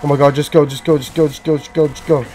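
A man giving casual, excitable gaming commentary, swearing and frantically repeating himself as the action heats up. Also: a little high, quick pace, soft background music. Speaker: gameplay commentator.

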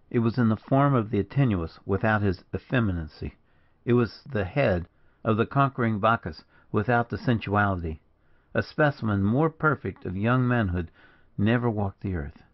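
A man reading a novel aloud as an audiobook narrator in steady, measured narration. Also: lowish voice. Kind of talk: scripted narration. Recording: dull lo-fi recording.

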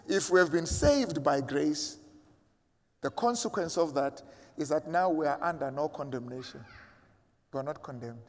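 High-voiced preacher in a reverberant hall. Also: male voice, moderate pace. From South Africa. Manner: emphatic preacher, acting out imagined voices. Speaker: pastor. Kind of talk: sermon.

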